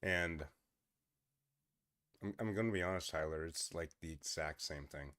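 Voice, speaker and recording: A man's voice: very deep voice, measured pace, a bit bright, no room sound, clean studio sound. A young man hosting a casual stream, reading posts aloud and reacting with frequent laughter.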